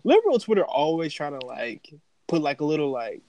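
Lively, jokey man on a podcast. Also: a little high, a little fast, no echo, low-quality recording. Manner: animated, jokey, slips into mocking voices. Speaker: podcast co-host. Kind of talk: casual chat.

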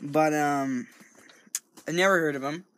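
A man's voice: fairly high pitch, unhurried, fairly bright tone. A man casually reading a true-crime account aloud, often stumbling over words, correcting himself and breaking off into joking asides. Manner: stumbling, self-correcting, rambling. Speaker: true-crime reader and commentator. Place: home recording studio.

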